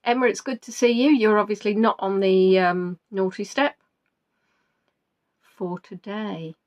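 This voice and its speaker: A woman's voice: medium pitch, fairly even intonation, unhurried, a little mellow. A woman hosting a live quiz, chatting casually and rambling with self-deprecating asides. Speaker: quiz host. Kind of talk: casual live-stream chat.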